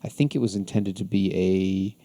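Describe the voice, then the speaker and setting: Gravelly mellow man recapping casually. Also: sits low, fairly even intonation, unhurried. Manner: rambling, many ums, chuckles often. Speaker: podcast host.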